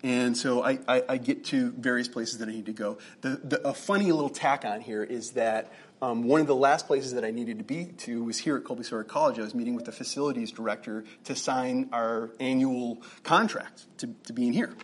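A middle-aged man preaches in an easy, conversational way, telling a story from his week. His voice sits at an ordinary pitch and has a husky edge. He talks with frequent fillers and false starts. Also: a little fast. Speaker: pastor. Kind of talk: sermon with personal story. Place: church meeting room.

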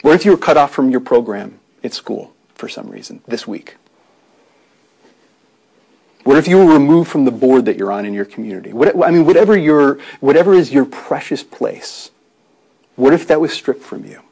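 A man's voice: medium pitch, animated, moderate pace, gravelly, a little mellow, breathy edge, poor audio. A man preaching a sermon in an earnest, conversational way, with frequent restarts and rhetorical questions.

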